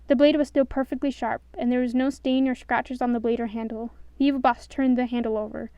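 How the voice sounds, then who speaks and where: Smooth-voiced woman storyteller. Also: fairly high pitch, fairly quick, no room sound, lo-fi sound. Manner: expressive, does all voices. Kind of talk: storybook narration.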